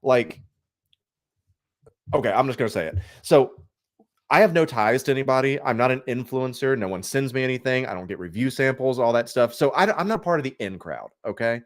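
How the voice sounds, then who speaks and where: A man's voice: mid-range voice, animated, brisk. A man speaking as a guest in a casual podcast chat. He rants with lots of energy and mimics other people in quotes. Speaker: guest collector.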